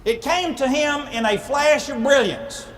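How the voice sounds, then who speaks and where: A man's voice: extremely high pitch, a little slow, a bit bright, big-room sound, a little hiss or hum. A man telling a comic fairy tale in a folksy, playful way, adding vocal sound effects. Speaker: speaker at church ladies' night. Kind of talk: comic storytelling.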